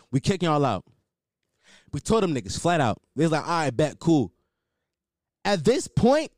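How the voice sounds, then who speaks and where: A young man hosts a podcast and tells a story in a heated, swearing rush, doubling back on his words for emphasis. His voice sits high for a man and swings widely in pitch, and it sounds dry and close on the mic. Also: dry recording. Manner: animated, heated, swearing, repeats himself for emphasis. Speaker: podcast host. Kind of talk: casual storytelling.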